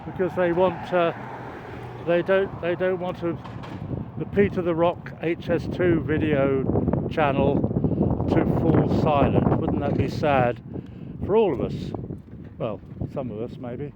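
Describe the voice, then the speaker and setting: This older man's voice leans high, with fairly even intonation and a measured pace. He films a construction site while heading downhill by a road, chatting wryly and rambling with many fillers and restarts. Dull outdoor camera audio picks up passing traffic.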